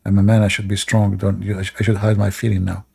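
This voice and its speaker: A man hosting a livestream, retelling a story mockingly in halting, non-native English with frequent laughs. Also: on the low side, flat delivery, creaky, dark tone, breathy edge. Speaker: livestream host.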